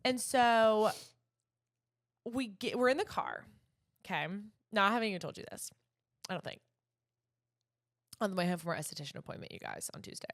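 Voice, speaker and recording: A young woman, chatting as a podcast co-host. She tells her story with lots of energy and slips into the voices of the people in it. Her pitch sits in the middle range. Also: fairly quick, long pauses. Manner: animated storytelling with quoted dialogue. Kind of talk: casual chat.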